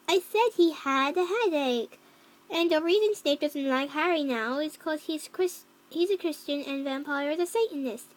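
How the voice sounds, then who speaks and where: A woman voicing a young cat-girl troll who reads a fanfic aloud, with flat narration, mocking asides and yelled quotes. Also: sits high, close to an everyday voice. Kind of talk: fan reading of a story.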